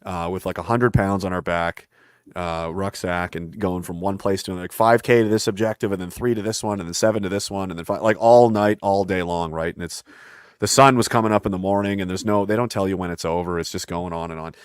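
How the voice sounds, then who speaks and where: A man's voice: deep voice, fairly even intonation, quick pace, smooth, dry recording, clean studio sound. A man talking in a casual conversation, intense and rambling, often acting out voices from his stories. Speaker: podcast guest.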